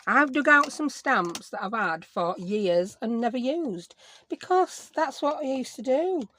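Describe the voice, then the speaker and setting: A woman's voice: high voice, expressive, measured pace, fairly bright tone. A middle-aged woman with a Yorkshire accent, chatting and rambling casually as she crafts on her own channel, self-mocking and talkative. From Yorkshire, England.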